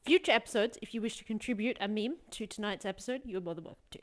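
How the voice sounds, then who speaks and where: A woman's voice: medium pitch, fast. A woman chatting casually with a gaming group, chirpy and chiming in. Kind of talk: casual chat.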